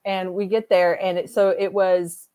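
A woman's voice: on the low side, little pitch movement, a little slow, mellow, dry recording. A middle-aged woman telling a rambling story in casual chat, laughing often as she goes.

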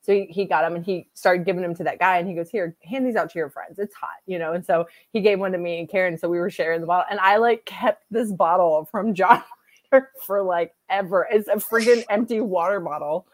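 A woman's voice: on the low side, a little fast, no echo. A middle-aged woman telling a rambling story in casual chat, laughing often as she goes.

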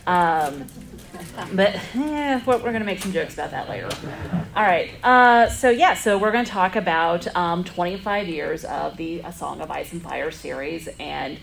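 A woman's voice: lowish voice, moderate pace, gravelly, slight background noise, rough recording. A woman moderating a convention panel discussion, chatty and rambling with lots of fillers, speaking into a panel microphone in a convention room.

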